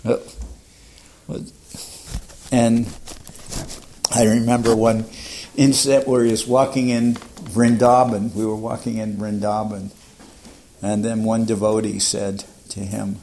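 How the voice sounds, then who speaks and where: Older man, gravelly, storytelling reminiscence with chuckles. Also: fairly low pitch, flat delivery, slow, pauses often, mellow, slight background noise. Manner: rambling, laughs while retelling, mimics others. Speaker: devotee recalling his teacher. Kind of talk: casual reminiscence.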